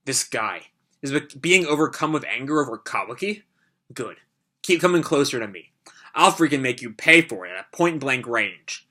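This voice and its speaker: A man voicing a cold, scornful young woman villain as he reads manga lines aloud in a low, dismissive way. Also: expressive, moderate pace, pushed and bright. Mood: scheming. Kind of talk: reading manga dialogue aloud.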